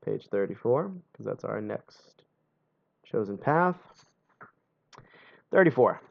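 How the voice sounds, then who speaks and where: A man's voice: on the low side, sing-song, slow pace, vocal fry, muffled recording. A young man on a live stream reading a gamebook aloud, full of sarcastic asides and frequent laughs, in a home streaming setup.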